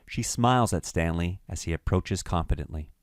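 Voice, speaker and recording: A man narrating a screenplay's stage directions in a measured, matter-of-fact way. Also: deep voice, lively intonation, no echo, studio quality.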